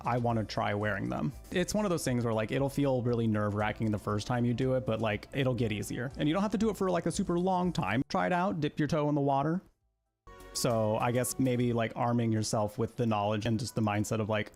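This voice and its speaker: A man's voice: medium pitch, vocal fry. A young man streaming, chatting casually and joking as he reacts to a video. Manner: animated, giggly, jokey asides.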